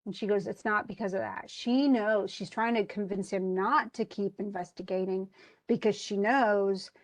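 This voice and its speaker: A woman teaching a literature class in a relaxed, talkative lecture. She retells the story with lots of casual asides. Her voice sits at an ordinary middle pitch and moves between modern slang and quoted archaic lines. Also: moderate pace, no room sound. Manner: chatty plot retelling with frequent "he goes" asides. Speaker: literature instructor.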